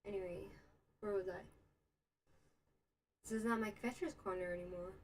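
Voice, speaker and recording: A young woman from the United States hosts a casual livestream in Israel, wandering through a story and answering chat with plenty of fillers and tangents. Her mid-range voice holds a steady tone at a moderate pace, in a low-quality recording with a little hiss or hum.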